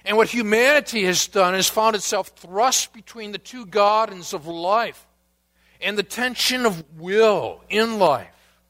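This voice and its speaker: A man preaching a sermon, asking the congregation questions and dropping to a hushed voice at times. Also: sits high, measured pace. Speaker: pastor.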